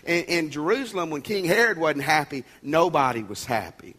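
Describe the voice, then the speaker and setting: A man's voice: a little high, expressive, moderate pace, fairly bright tone, husky. A male pastor giving a sermon, conversational and emphatic, with folksy asides and jokes.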